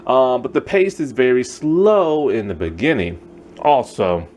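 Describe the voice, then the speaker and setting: A man's voice: mid-range voice, lively intonation, a little slow, darkish tone, slight background noise. A man giving a casual, rambling spoken movie review, full of fillers and asides. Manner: rambling, fillers like "you know what I'm saying".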